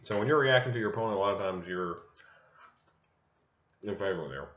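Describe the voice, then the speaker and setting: A man's voice: fairly low pitch, brisk, fairly bright tone, a little hiss or hum. A man casually commentating his own card game, thinking aloud to himself. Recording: roomy, dull lo-fi mic.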